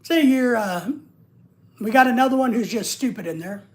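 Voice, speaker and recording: An American man hosts a livestream, chatting casually and reading viewer comments aloud. His voice is very high-pitched and his pace moderate. He rambles and jokes, often restarting his sentences.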